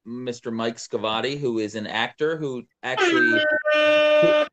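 A man's voice: mid-range voice, wildly swooping pitch, moderate pace, muffled recording, very noisy. A man who hosts a radio show, chatting casually and easily with a co-host and joking along the way. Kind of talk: casual chat.

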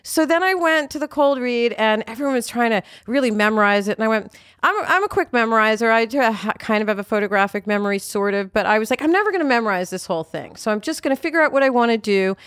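A woman guest on a podcast, talking in an animated, rambling way with lots of fillers and casual swearing. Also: a little high, fast, clean tone, no echo, studio quality. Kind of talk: casual interview chat.

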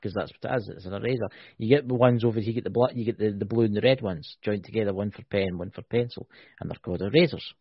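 A man's voice: fairly low pitch, fast talker, slightly rough, no echo. A man with a Scottish accent hosting a casual podcast chat. He banters and teases, drawing words out when he explains. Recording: dull lo-fi sound.

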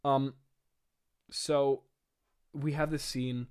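A man's voice: medium pitch, flat delivery, extremely slow, smooth. A man in his twenties reading his own old play aloud, with exasperated, self-mocking commentary and frequent laughing.

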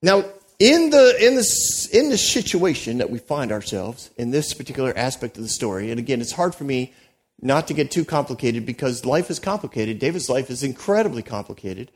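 A pastor delivering a sermon, telling a story with animated asides to the congregation and frequent restarts. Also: male voice, medium pitch, a little fast.

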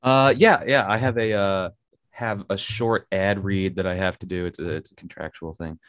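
Deep-voiced, laid-back male podcast guest. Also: steady tone, moderate pace, a bit bright, no room sound, studio quality. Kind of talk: casual podcast chat.

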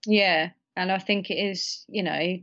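A woman talks through a film in a loose, rambling way, circling back with restarts. Her voice sits on the low side. The recording sounds dull and lo-fi. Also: fairly even intonation, measured pace, crowd noise. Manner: rambling, many fillers and restarts. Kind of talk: casual film discussion.

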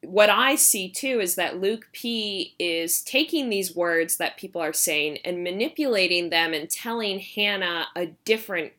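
A woman co-hosting a podcast, chatting casually and animatedly in a quick recap. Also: on the low side. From United States. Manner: animated, quick reactions, lots of "like". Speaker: podcast co-host.

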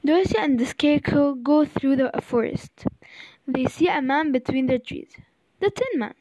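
A woman reading a children's storybook aloud, slow and halting, sometimes repeating words. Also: high voice, mellow. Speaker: reader. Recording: slightly dull recording.

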